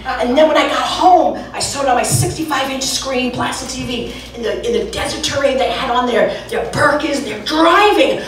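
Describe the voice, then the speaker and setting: A woman's voice: sits high, normal speed, hardly any pauses, slight background noise. Brash woman comedian in a roomy club. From New York. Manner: brash, animated, acts out quotes. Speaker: stand-up comedian. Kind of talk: stand-up comedy. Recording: roomy club sound, distant mic, audience.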